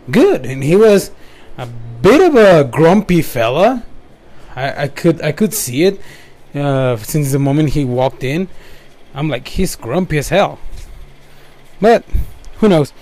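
Young man, fairly high voice, rambling casual storytelling, lots of restarts. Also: lively intonation, measured pace, pauses often, a little mellow. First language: Spanish. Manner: rambling with frequent restarts and asides. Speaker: storyteller recounting his work. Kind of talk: casual first-person storytelling.

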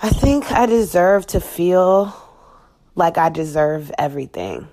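A woman with a deep, low voice speaks as a podcast guest. She talks frankly and swears freely. Her sentences break off and restart as she searches for words. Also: animated, dark tone. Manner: blunt and profane, with halting restarts. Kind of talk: candid personal reflection.

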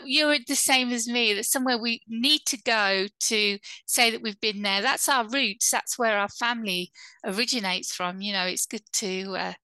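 Bright-voiced chatty woman podcast host. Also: fairly high pitch, clean tone, dry recording. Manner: chatty, laughs often, many fillers. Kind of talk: casual interview chat.

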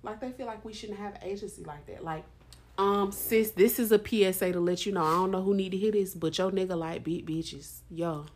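A woman hosting a podcast, talking in a blunt, profane and animated way. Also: mid-range voice, a little fast. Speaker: podcast host. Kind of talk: candid casual chat.

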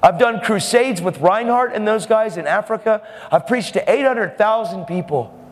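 A man's voice: high-pitched, moderate pace. A man preaching a sermon boldly and emphatically, with laughing asides. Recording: hall reverb with faint music.

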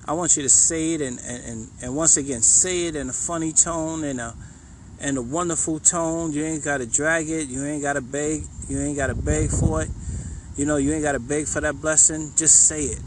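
A man's voice: on the high side, fairly even intonation, moderate pace, background noise. A man coaching faith and fitness, leading guided affirmations in a casual, encouraging way with lots of repetition. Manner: encouraging, repetitive, says "you know what I'm saying" a lot; casual, conversational.

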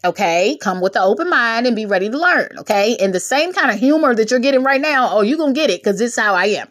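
A woman hosting her own podcast, exhorting listeners in a bubbly, humorous, preachy way with sudden jumps in pitch. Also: expressive, fast, few pauses, a bit bright. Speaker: podcast host. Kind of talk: preachy motivational podcast talk.

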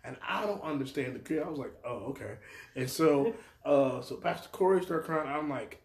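A man's voice: on the high side, lively intonation, moderate pace, reverberant. A man, a pastor and podcast co-host, telling a story in casual chat and acting out the voices of people he quotes.

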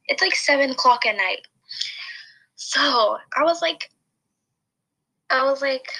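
Young woman, casual podcast storytelling, rambling with many restarts, bright voice, fairly high pitch. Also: expressive, slow pace, pauses often, rough recording. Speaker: podcast host.

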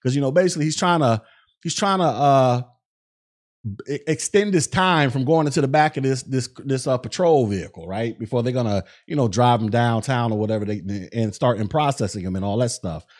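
A man hosts his podcast, walking through events in a loose, conversational way. His voice sits at an ordinary middle pitch, and he leans on fillers and acts out bits of what people said. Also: a little fast, a little mellow. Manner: conversational, recounts events with many fillers and acted-out quotes. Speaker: podcast host. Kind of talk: casual commentary.

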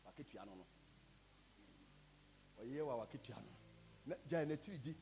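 A man with a Ghanaian accent preaching a sermon, building up to shouted lines. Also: mid-range voice, expressive, moderate pace, rough recording. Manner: preaching, switching between Twi and English, rising to shouts. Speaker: pastor. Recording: with loud music behind.

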